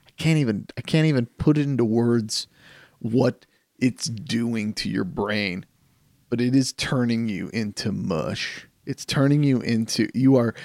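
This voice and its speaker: A podcast co-host with a gravelly, fry-laced, mid-range voice rambles through animated stories on a casual show, circling back and restarting his points often. He sits close to the mic, and the recording is dry, made in a dead room.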